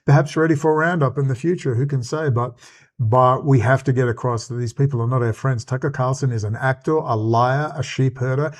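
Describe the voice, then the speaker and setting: A man's voice: mid-range voice, fairly even intonation, fairly quick. An Australian man hosting his own channel, delivering an agitated, rambling, profane commentary rant. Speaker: channel host.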